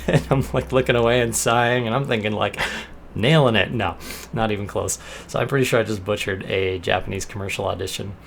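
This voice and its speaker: Animated young man telling a story. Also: on the low side, vocal fry, slight background noise. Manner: animated, acts out quoted lines in bursts. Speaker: vlogger. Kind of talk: casual storytelling vlog.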